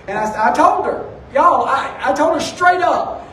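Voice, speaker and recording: A pastor with a strikingly high voice preaches in a loose, storytelling way. He sounds a little distant from the mic, and his voice rings in a roomy, echoing sanctuary over faint background noise. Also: animated, a little slow, few pauses, pushed and bright. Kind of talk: sermon. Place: church sanctuary. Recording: echoey room, distant from the mic.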